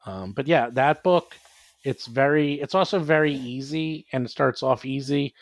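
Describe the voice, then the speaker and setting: A man talking casually on a podcast about tabletop games, lively and animated, dropping into playful voices when he quotes his players. His voice sits in the middle of the range, and the recording is dry and close. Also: mid-range voice, moderate pace, no echo. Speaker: guest, adventure author and publisher.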